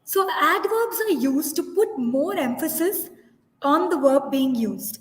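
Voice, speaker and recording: A woman's voice: high voice, lively intonation, measured pace. A woman presenting a teachers' webinar, reading out live poll results and explaining answers step by step, often correcting herself mid-sentence. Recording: echoey room with long reverb.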